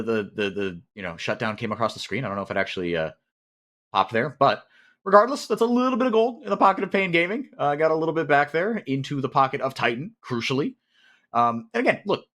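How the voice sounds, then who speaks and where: A man doing live play-by-play commentary on an esports match, calling the action quickly and often repeating words as he thinks. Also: mid-range voice. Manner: rapid, animated calling with frequent repeated words.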